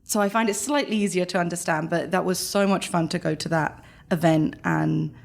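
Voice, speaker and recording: A woman with a London accent, a guest chatting casually in an interview, animated and quick to laugh. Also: on the low side, creaky. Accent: London English. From London, England. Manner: animated, laughs often, rapid bursts. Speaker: guest, chamber engagement director.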